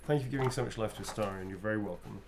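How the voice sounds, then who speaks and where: A man's voice: lowish voice, racing, darkish tone, a little hiss or hum. A man who is an actor, chatting and joking as he signs autographs and reads out fan messages. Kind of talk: casual chat during a live signing.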